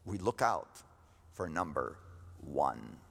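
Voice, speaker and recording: A man preaching a sermon as pastor, emphatic, repeating his key phrases and rising in pitch to stress a point. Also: sing-song, takes it slowly, vocal fry, fairly bright tone, breathy edge. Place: church sanctuary. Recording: long reverb of a church hall.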